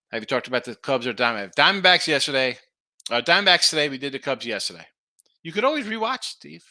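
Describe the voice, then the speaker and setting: A man's voice: fairly high pitch, creaky, sharp tone, no echo. A middle-aged man hosting a live sports betting stream, rambling casually and reading viewer comments aloud. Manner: rambling, chatty, reads viewer chat aloud. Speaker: sports betting show host.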